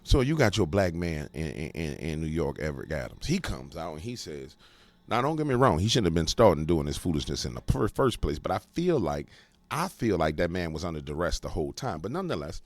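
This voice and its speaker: A man's voice: low-pitched, very animated, brisk, no echo. A man hosting a political commentary show, ranting emphatically with rhetorical questions. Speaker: commentary host.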